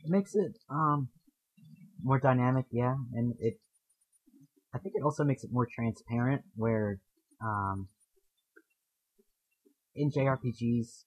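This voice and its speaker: A man's voice: fairly low pitch, husky, rough recording. A man hosting a casual gaming podcast, talking in a thoughtful, hedging way. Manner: thoughtful, hedging, reads quotes aloud. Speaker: podcast host. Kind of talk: casual podcast chat about video games.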